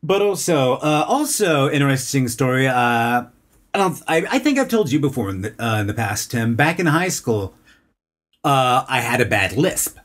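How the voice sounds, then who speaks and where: A young man from Texas, a voice actor guest, chatting casually on a podcast and talking in halting bursts full of fillers and restarts. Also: medium pitch, big pitch swings, a bit bright. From Dallas, Texas.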